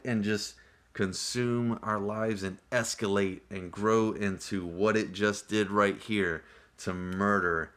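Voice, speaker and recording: Slow, low-voiced man teaching scripture. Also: a bit bright. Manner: conversational and earnest, with frequent exclamations. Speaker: Bible teacher. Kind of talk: casual Bible study teaching.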